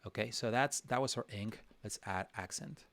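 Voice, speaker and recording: A man with a fairly low voice talks through a drawing lesson on a livestream, thinking out loud, restarting his sentences and teasing himself as he goes. The sound is dry, close and free of room echo. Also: moderate pace. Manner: thinks aloud while working, talks to himself; chatty with frequent restarts and fillers. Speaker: illustrator teaching a live drawing session. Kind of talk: casual livestream tutorial.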